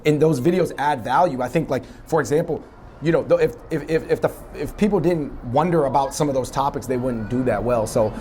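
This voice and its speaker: A man's voice: medium pitch, fairly quick, darkish tone, a little hiss or hum. Rambling young man chatting in a dessert shop. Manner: rambling, lots of fillers and restarts. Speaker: web video host. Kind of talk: casual interview chat.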